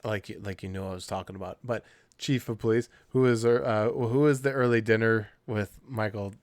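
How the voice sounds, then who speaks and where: A man co-hosting a casual podcast, chatting lively and acting out scenes in quoted voices. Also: on the low side, moderate pace, no echo, studio quality. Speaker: podcast co-host. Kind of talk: casual chat.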